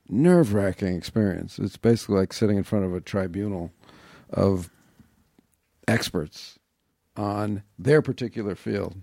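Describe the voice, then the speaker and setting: Man, podcast guest, low voice, mellow tone, wry and self-deprecating, close dry mic. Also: vocal fry, dry recording. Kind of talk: casual interview chat.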